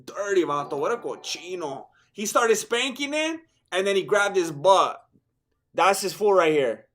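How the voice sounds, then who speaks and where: Dude calling a fight live, voice all shredded and raspy, pretty high, goofy and hyped. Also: male voice, unhurried. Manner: excitable, joking, sprinkles Spanish slang. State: hoarse, worn-out voice. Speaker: fight watch-along host.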